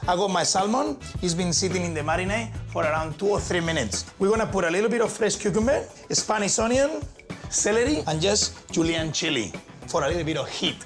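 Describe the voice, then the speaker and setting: A man presenting a lifestyle TV cooking segment, playful, chatty and excitable as he talks through the food. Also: sits high, brisk. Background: background music.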